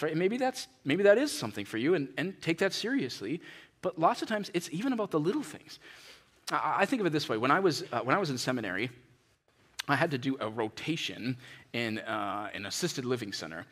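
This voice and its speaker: A middle-aged man preaching a sermon in a church, conversational and animated, acting out little scenes. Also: on the high side. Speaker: pastor.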